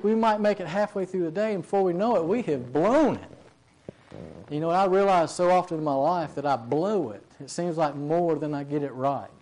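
A man's voice: a little high, moderate pace, darkish tone, poor audio. A man preaching in a casual, storytelling way, with frequent fillers and repeated words. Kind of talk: conversational sermon storytelling.

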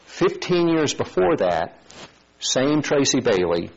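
Man, preacher, husky voice, muffled lo-fi recording, lively storytelling sermon. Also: medium pitch, slow pace. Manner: animated, acts out story voices.

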